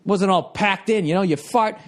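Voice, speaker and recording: A podcast host in his forties with a Boston accent rants through a profane, exasperated story, jumping into loud mock voices. His voice sits high and he keeps a moderate pace.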